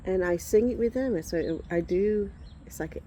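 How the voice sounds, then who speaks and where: A woman in her forties vlogs outdoors in the sun, showing reborn dolls and chatting casually, rambling and breaking off to shoo insects. Her voice is fairly low and warm at normal speed, with a little hiss or hum.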